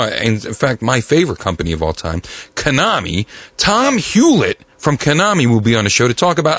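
Animated, bright-voiced podcast host man. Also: on the high side, no room sound. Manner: animated, enthusiastic. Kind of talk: casual podcast talk. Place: podcast studio.

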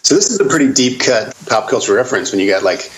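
A man's voice: on the low side, lively intonation, fast talker, a bit bright, rough recording. A man hosting a casual chat who cuts in with dry wisecracks. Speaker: podcast host.

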